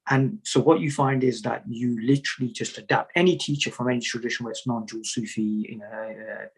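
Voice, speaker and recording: Husky-voiced man telling stories. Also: medium pitch, steady tone, fairly quick, rough recording. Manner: storytelling, repeats words, jokey asides. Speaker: Sufi teacher, guest. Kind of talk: conversational interview answers.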